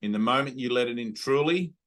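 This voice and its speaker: An Australian man leading a spiritual satsang over a video call, talking earnestly and intimately and slowing right down to stress a point. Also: medium pitch, fairly bright tone. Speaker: spiritual teacher. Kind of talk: satsang teaching talk.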